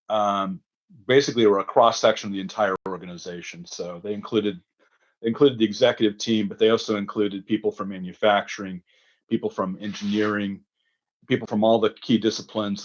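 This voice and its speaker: Low-voiced man explaining methodically. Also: lo-fi sound. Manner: methodical, with frequent ums. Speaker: guest, transformation consultant. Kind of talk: explanatory interview answer.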